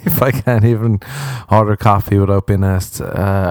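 Deep-voiced Irish man ranting profanely. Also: steady tone, normal speed, darkish tone, dry recording, clean studio sound. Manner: profane, exasperated, sarcastic ranting. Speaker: podcast host. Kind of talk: comedic solo podcast rant.

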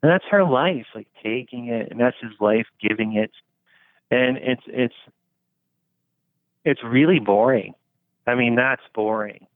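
A man in casual conversation, musing at length with lots of "like" and frequent swearing. His voice sounds thin and narrow, like it comes through a phone, and the sound is completely dry with no room around it. His pitch sits at an ordinary middle range. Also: unhurried, pauses often, dry recording. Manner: rambling, philosophical, swears freely, many fillers.

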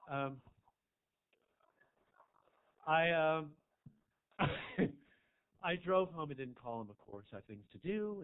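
Camp crude comedian on a tinny recording. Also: male voice, on the high side, smooth. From Marin County, California. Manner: camp, crude, rambling storytelling with asides to the crowd. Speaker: stand-up comedian. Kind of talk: stand-up set. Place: small comedy club. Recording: tinny, phone-like live club recording.

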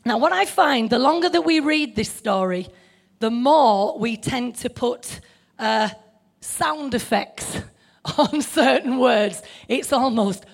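A woman's voice: a little high, animated, takes it slowly, vocal fry. A middle-aged woman preaching a sermon in a conversational way, asking the listeners questions.

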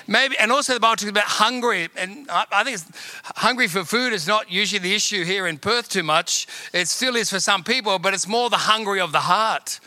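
Bright, high-voiced pastor preaching. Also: male voice, a little fast, no room sound. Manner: emphatic, repetitive exhortation to the congregation. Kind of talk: sermon.

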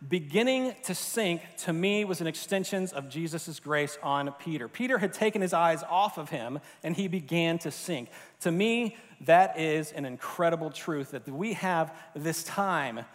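Man from Florida, a bit high in pitch, conversational pastor, hall reverb. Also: expressive, a little slow, few pauses. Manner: conversational, with fillers and restarts. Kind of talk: sermon.

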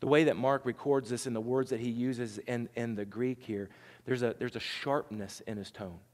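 A man's voice: medium pitch, fairly even intonation, moderate pace, a little mellow, long reverb tail. A man preaching a sermon, talking conversationally and asking the congregation rhetorical questions. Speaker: pastor.

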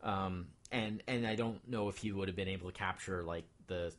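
Man, low voice, casual podcast chat, rambling, lots of fillers. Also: moderate pace. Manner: rambling, many fillers and restarts. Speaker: podcast co-host.

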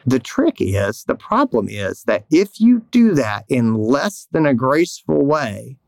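A man's voice: mid-range voice, measured pace, creaky, dry recording. A male veterinarian hosting a podcast, talking candidly in a rambling, storytelling way. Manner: candid, rambling, lively storytelling with acted quotes. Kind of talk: casual podcast chat.

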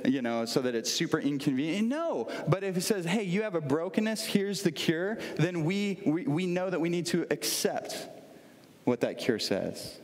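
Speaking at a moderate pace, a man with a fairly high, expressive voice delivers a conversational sermon built on everyday stories. This pastor frequently stops to question the congregation, his voice echoing with the long reverb of a big hall.

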